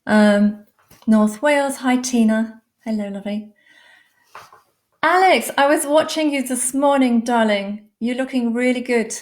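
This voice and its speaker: An English woman talking into a laptop mic during a live stream, greeting viewers one by one with lots of darlings and ums. She speaks slowly and gushes over every hello. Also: on the high side. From England. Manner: warm, effusive, calls viewers darling and lovely; many fillers, unhurried. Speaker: livestream host, animal communicator.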